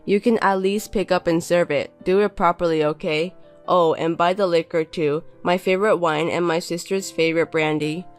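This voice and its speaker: Scornful bossy husband, woman reading it, low-ish voice, talks down to his wife. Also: steady tone, moderate pace, faint music behind, lightly acted. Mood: contemptuous. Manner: belittling, bossy and contemptuous. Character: scornful insulting young husband. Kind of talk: reading a text-message story.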